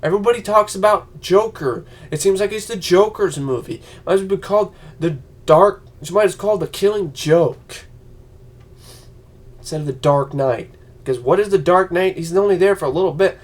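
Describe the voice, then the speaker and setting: A man's voice: high-pitched, normal speed. Angry profane man ranting about movies. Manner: profane, yelling, mocking voices. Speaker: vlogger.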